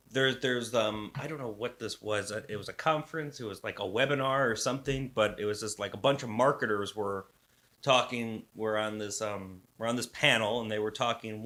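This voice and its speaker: Brief: male co-host, bright tense tone, loose rambling chatter with restarts. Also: lowish voice. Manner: rambling, restarts, swears casually. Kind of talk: casual conversation.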